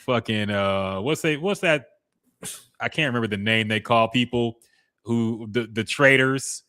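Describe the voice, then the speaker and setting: A man co-hosting a casual sports podcast, relaxed and loose, who swears now and then and sometimes blanks on names. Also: medium pitch, unhurried, no echo, studio quality. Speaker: podcast co-host.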